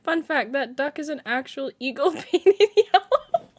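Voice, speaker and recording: A woman streamer with a very high voice chats casually on a live stream from her home setup and reads viewer comments aloud. She talks slowly and giggles constantly through her words, laughing to tears. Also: expressive. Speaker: game streamer.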